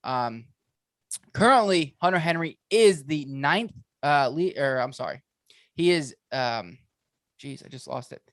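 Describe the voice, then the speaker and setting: A man co-hosting a fantasy football show, talking excitably in a rambling way, with lots of restarts and fillers. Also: fairly high pitch, unhurried, dry recording, clean studio sound. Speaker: fantasy football podcast co-host. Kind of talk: casual sports analysis chat.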